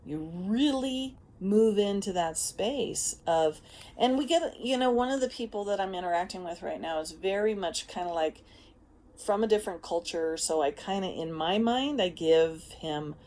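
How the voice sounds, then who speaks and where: A self-help vlogger, a woman, talks casually to the camera in a monologue that's lively and frank, full of swearing and frequent laughter. Her voice sits fairly low and she takes her time.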